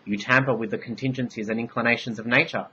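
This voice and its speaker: A man voicing an ancient all-knowing divine queen, part bee, speaking in solemn, measured pronouncements. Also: medium pitch, fairly even intonation, bright, forceful tone, dull audio, a little hiss or hum, close to an everyday voice.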